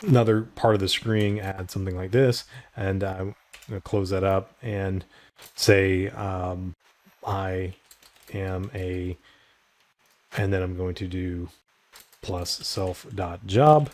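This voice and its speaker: A man's voice: low voice, steady tone, a little slow, a little mellow. A middle-aged man teaching programming, walking through code step by step with frequent filler words. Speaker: programming instructor. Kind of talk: screen-recorded coding tutorial.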